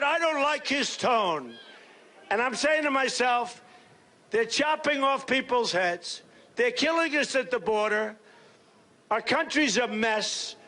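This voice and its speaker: A man giving a campaign rally speech as a political candidate, boastful and rambling, repeating himself in punchy short phrases that he often shouts. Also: very high-pitched, a little hiss or hum. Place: large rally space.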